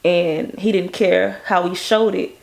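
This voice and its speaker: A woman from Baton Rouge speaks with a gravelly, fry-tinged edge in her voice. She tells stories in a casual interview as a music video director, with animated energy. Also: a little slow. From Baton Rouge, Louisiana. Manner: animated, acts out quoted people in a higher voice.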